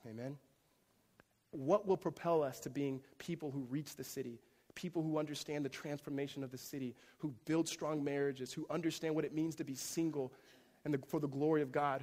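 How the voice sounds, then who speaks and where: Pastor preaching in a reverberant hall. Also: male voice, medium pitch, slightly rough. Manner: animated storytelling, rising loud in climaxes, hushed in tender moments. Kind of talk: sermon. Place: church sanctuary.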